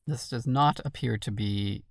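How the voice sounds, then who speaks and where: A woman's voice: extremely low pitch, a little slow, vocal fry, no echo, studio quality. A woman solving a crossword while thinking aloud, muttering questions to herself. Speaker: crossword solver.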